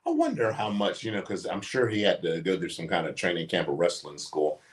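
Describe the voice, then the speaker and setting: A man with a deep, low voice and a Southern drawl, talking fast in a loose, casual chat. He is blunt, quick to jump in, and swears without a second thought. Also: very animated.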